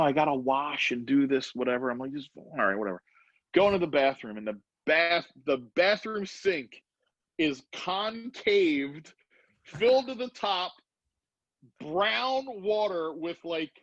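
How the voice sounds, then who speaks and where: A man's voice: a little high, normal speed, dry recording. A middle-aged man hosting a podcast, telling a story with lots of energy and acting out the dialogue. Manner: animated storyteller, acts out both sides of a dialogue. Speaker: podcast host. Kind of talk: casual storytelling. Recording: dry, slightly dull podcast recording.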